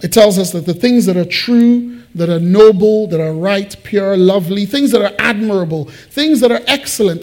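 A man preaching a sermon to his church, conversational and animated, with joking asides. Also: high voice. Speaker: pastor. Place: church building.

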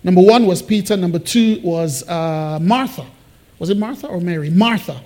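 A man preaching a sermon, explaining Bible verses and acting out the quotes with lively swings in his voice. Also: normal speed. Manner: animated, acts out Bible quotes with big pitch swings. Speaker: pastor. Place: church hall.

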